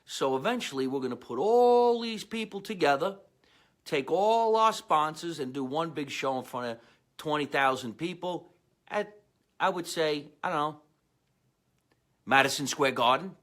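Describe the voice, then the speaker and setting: A man's voice: fairly high pitch, normal speed. A man hosting his own comedy show, telling rambling stories with a New Jersey accent and talking straight to his viewers. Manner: rambling, animated storyteller with asides to viewers. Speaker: comedian podcast host. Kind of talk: casual storytelling monologue.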